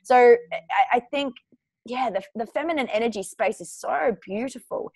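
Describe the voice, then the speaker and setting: A woman's voice: a little high, normal speed, a little mellow, slightly rough, no room sound. A woman hosting a podcast, talking casually and searching for words with fillers like "um" and "like". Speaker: podcast host. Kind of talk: podcast interview conversation.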